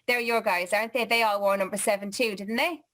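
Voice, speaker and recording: A woman's voice: medium pitch, steady tone, brisk, a bit bright. A woman hosting a live online chat show, reading viewer comments in a chatty, upbeat way over a video call. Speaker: host.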